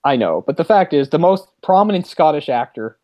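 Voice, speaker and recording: A man hosting a podcast, chatting casually about movies in a rambling, animated way with quick laughs. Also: a little high, no echo. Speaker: podcast host.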